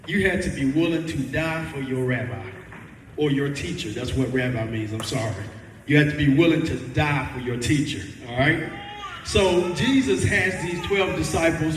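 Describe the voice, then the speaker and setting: High-voiced preacher in an echoey hall. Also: male voice, fairly bright tone, slight background noise. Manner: conversational, folksy, quizzes the audience. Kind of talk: sermon. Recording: echoey hall, mic from far off.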